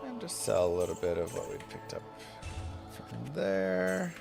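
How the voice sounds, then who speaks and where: A man in his thirties casually commenting on his game for viewers, guiding them step by step in a relaxed way. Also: low-pitched, a little slow, creaky. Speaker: game streamer. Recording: game music playing behind. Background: game music.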